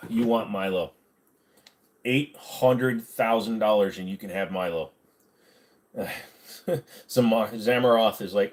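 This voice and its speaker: A man with a fairly low voice hosts a casual livestream. He reads viewer comments aloud and answers them bluntly and sarcastically, swearing freely as he goes. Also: slow, pauses often. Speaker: livestream host.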